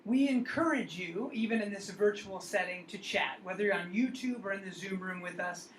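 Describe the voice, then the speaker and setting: A man's voice: high voice, a bit bright, slight background noise. Distant, echoey man announcing. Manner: building hype, drawn-out announcing. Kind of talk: stage introduction. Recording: echoey room, distant mic.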